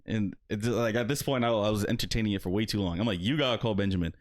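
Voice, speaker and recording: A man's voice: lowish voice, quick pace. Young man telling a story on a podcast. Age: young adult. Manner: animated storyteller, acts out quotes. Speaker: podcast co-host. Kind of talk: casual podcast chat.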